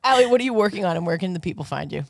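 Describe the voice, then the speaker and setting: A woman hosting a podcast, asking friendly questions in halting casual chat. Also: on the low side, lively intonation, gravelly, no room sound, studio quality. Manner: halting, restarts, friendly interviewer. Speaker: podcast host.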